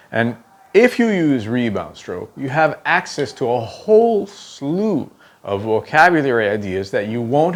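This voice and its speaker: A man teaching a drum technique, explaining step by step, counting aloud while he demonstrates, and often checking in with "okay?". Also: medium pitch. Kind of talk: instructional demonstration.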